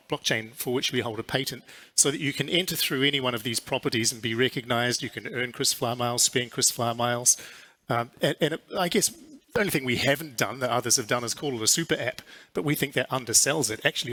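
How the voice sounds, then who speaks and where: A man with a New Zealand accent, an airline chief executive answering questions in a measured, businesslike way at a conference interview, with frequent fillers. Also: mid-range voice, sharp tone. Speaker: airline CEO.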